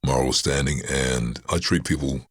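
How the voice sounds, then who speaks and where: A man's voice: normal speed, husky, dry recording. A middle-aged man, a voice-over artist telling stories in a casual interview and acting out the voices he quotes. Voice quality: deep baritone. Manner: storytelling, animated, acts out quoted voices.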